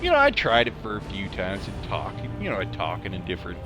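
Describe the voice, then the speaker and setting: A man's voice: sits low, wildly swooping pitch, quick pace, over music. A man with a drawling Idaho accent chatting loosely as he plays a game, rambling and laughing often with a snarky, self-mocking tone. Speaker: gamer commentating his play. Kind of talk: casual gameplay commentary with storytelling.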